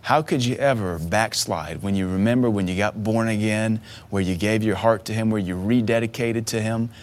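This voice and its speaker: Earnest male preacher, emotional and halting. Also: fairly low pitch. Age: 30s. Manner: earnest, emotional storytelling with repeated restarts. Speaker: pastor. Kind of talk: sermon.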